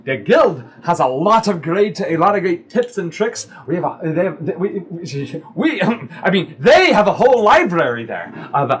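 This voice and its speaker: A man's voice: high voice, big pitch swings, normal speed, hardly any pauses, pitched above the performer's own voice. A man voicing a blunt, sardonic dwarf woman in a tabletop game. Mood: scolding. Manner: scolding, mocking, chatty.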